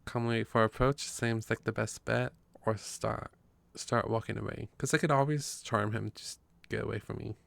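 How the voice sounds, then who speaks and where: A man's voice: on the low side, fairly even intonation, normal speed, gravelly, hardly any pauses, fairly bright tone, no room sound. A man reading a story game's text aloud in a casual way, with his own asides between passages. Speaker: game player narrating.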